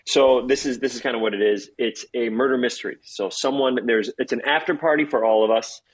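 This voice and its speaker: Fast-talking husky man in his forties. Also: medium pitch, poor audio. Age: 40s. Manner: rambling, excitable, quick asides. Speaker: guest actor. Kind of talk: casual interview chat.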